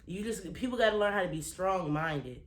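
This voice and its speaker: A woman's voice: on the low side, moderate pace, roomy sound. A woman vlogger giving a blunt, profane, heartfelt motivational talk to her viewers, earnest and close to tears. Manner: emphatic, blunt and profane, repeating phrases for weight; earnest and emotional, holding back tears.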